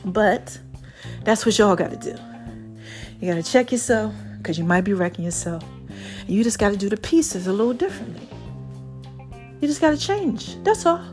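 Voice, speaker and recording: A woman with a New York accent hosting a podcast in a casual, animated motivational monologue, drawling and breaking into bits of song. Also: mid-range voice, normal speed, pauses often, soft background music. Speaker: podcast host.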